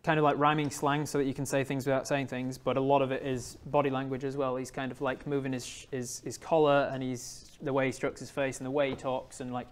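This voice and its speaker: A man running a tabletop role-playing game as game master. He narrates in a loose, rambling way, with plenty of fillers. His voice sits at an ordinary middle pitch. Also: flat delivery, a little fast, few pauses.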